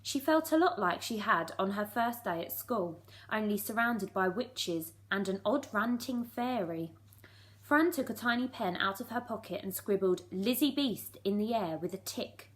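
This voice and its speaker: A woman's voice: medium pitch, expressive, normal speed. A woman reading a storybook aloud. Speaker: primary school teacher.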